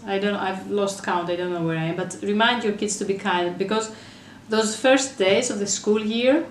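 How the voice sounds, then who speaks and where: A woman giving parenting advice straight to her camera, earnest and chatty, breaking off for quick asides. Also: mid-range voice, slight background noise. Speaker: parenting vlogger and mother. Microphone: camera mic. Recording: echoey room, voice a bit far from camera.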